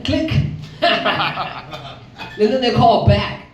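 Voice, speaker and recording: Her delivery is sing-song and very slow, with frequent pauses and a slightly mellow tone: a brash Chicago comic in her fifties, acting out voices with big pitch leaps on a comedy club stage. Recorded lo-fi from far off in an echoey room with faint noise, the clip includes audience laughter.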